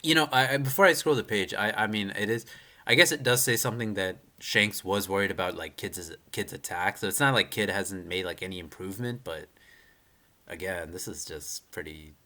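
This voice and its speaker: A young man with a deep voice reacts live to a manga chapter, talking fairly quickly in a sharp tone. His casual rant rambles along, packed with "like" and "you know," frequent restarts, swearing, and strong opinions.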